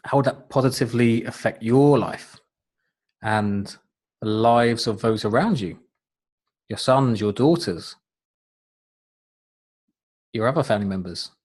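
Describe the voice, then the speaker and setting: A man's voice: mid-range voice, expressive, takes it slowly, long pauses, darkish tone, slightly rough. A middle-aged man, a life coach, giving an earnest, encouraging webinar talk with frequent fillers. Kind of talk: webinar presentation.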